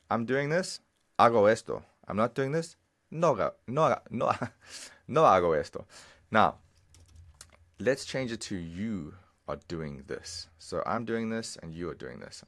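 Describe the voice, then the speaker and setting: Speaking in a low voice with a fairly bright tone, a man teaches a language over a screen recording. He is patient, repeating phrases slowly and explaining each step.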